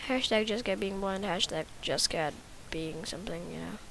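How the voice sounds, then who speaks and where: A woman's voice: mid-range voice, normal speed, gravelly, a bit bright, a little hiss or hum. Chatty woman rambling over gameplay. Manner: chatty, rambling, self-mocking. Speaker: gaming YouTuber. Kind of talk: casual game commentary.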